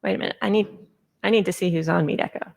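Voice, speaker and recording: A woman's voice: mid-range voice, fairly even intonation, fast talker, creaky, a little mellow. A woman chairing a conference meeting session, presenting a proposal in an informal way with many fillers and restarts. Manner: informal, filler-heavy, self-correcting.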